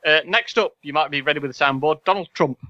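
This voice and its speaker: A man's voice: on the high side, quick pace, pushed and bright, a little hiss or hum. A man co-hosting a casual podcast, running a quiz with dry sarcasm and rambling asides. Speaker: podcast co-host and quizmaster. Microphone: video call. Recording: slightly dull call audio.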